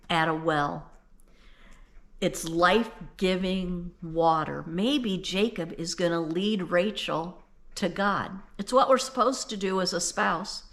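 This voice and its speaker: A woman's voice: on the low side, fairly bright tone. An older woman retelling a Bible story in a folksy, conversational way, then explaining its meaning earnestly. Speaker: Bible teacher.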